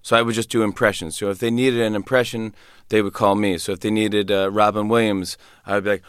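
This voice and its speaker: A male comedian guest who tells his stories with animated energy, stammering and restarting as he goes. His voice is smooth and resonant. The studio sound is dry and close, with no room echo. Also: lowish voice, fast talker. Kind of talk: casual anecdote in an interview.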